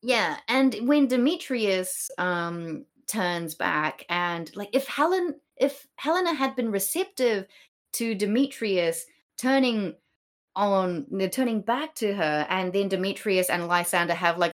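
A woman's voice: mid-range voice, lively intonation, measured pace. A woman co-hosting a podcast, chatting casually about a play with many fillers and acted-out quotes. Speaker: podcast co-host.

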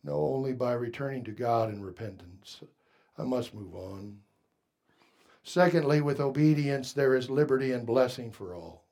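A man preaching a sermon, moving from quiet asides to raised, emphatic lines and asking the congregation questions. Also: mid-range voice, normal speed, vocal fry. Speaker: pastor.

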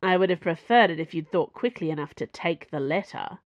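A woman voicing a confident female special agent who drawls in a slow, cool manner. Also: lowish voice, lively intonation, no echo, dull audio, natural voice. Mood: smug. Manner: drawling, unhurried.

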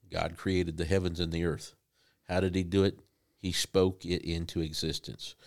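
A man preaching a sermon in a conversational, halting way with frequent restarts. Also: low voice.

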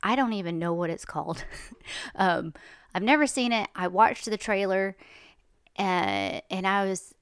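A woman's voice: medium pitch, very animated, a little slow, clean tone, dry recording, studio quality. A woman talking in a chatty, rambling, indignant monologue. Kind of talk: casual monologue.

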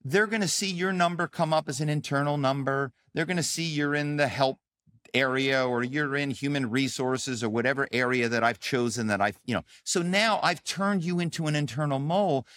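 An author who used to act tells animated stories as an interview guest, delivering them with dramatic emphasis and acting out calls in quoted voices. His fairly bright voice is on the high side, in a dry, studio-quality recording.

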